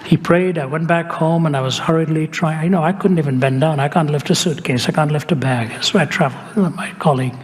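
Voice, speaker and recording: A man's voice: fairly high pitch, a little fast, hardly any pauses. An older man preaching a sermon, telling a personal story in a conversational way with light humor. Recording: echoey hall, faint ambience.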